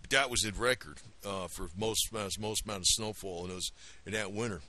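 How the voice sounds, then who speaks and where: A man's voice: on the low side, normal speed, bright, forceful tone. A man from the Northeast with a New Jersey accent, rambling to camera in a blunt, profane rant. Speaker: video blogger.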